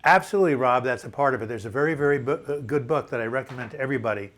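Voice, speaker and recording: A man's voice: mid-range voice, racing, a bit bright. Chatty man in his seventies. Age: 70s. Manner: chatty, enthusiastic, repeats words when restarting. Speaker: live chat host. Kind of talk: casual live chat reading viewer comments.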